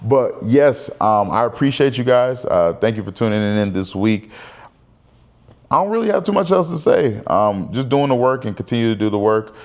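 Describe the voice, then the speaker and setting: A man's voice: medium pitch, animated, normal speed. A man in his thirties talking candidly to camera in a casual personal vlog, rambling and conversational. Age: 30s. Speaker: vlogger.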